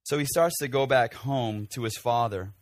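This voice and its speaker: Lively man preaching a sermon. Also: mid-range voice, moderate pace, no room sound. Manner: animated, acts out scenes with shouts. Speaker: pastor.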